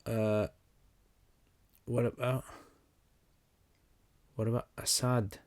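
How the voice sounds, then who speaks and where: A young man hosting a casual livestream Q&A, talking in a relaxed, conversational way with many fillers and restarts. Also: mid-range voice, very slow. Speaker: livestream host answering questions.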